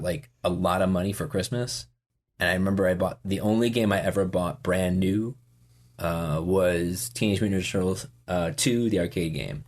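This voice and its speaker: A man in his forties talks in a casual interview, his voice sitting very low. He rambles, stops and restarts, filling gaps with "uh" and "you know". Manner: rambling, halting, many fillers and restarts. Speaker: podcast guest.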